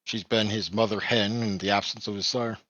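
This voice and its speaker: A man's voice: fairly low pitch, steady tone, fairly quick, sharp tone, highs cut off. A man running a tabletop game as game master, rambling and correcting himself, often chuckling. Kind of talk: narrating a tabletop game online.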